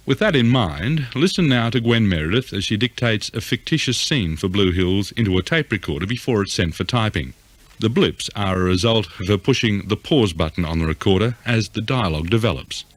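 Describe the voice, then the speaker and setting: A man narrating a radio documentary in a measured, formal way. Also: on the low side, animated, dry recording. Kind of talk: scripted narration.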